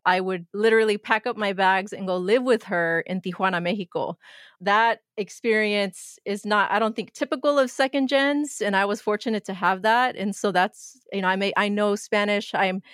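A woman's voice: medium pitch, clear, resonant tone, dry recording, studio quality. A woman guest born in the United States, talking reflectively in a casual interview and laughing often.

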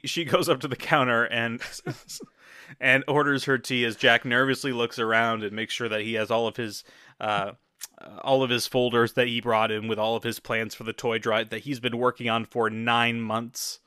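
A man narrates an improvised comedy scene in a bright, sharp voice. He talks loosely and casually, with plenty of fillers. The sound is dry and close. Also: medium pitch, fairly even intonation, normal speed, clear, resonant tone, no echo.

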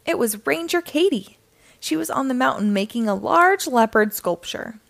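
A woman reading a children's picture book aloud in an animated, sing-song way. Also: high voice, normal speed, vocal fry. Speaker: storyteller.

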